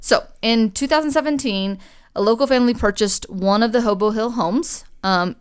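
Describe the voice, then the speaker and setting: A woman's voice: on the high side, moderate pace, clear, resonant tone. A young woman co-hosting a podcast, telling a ghost story in casual chat, full of fillers and swearing. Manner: chatty, swears a lot, many fillers. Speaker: podcast co-host.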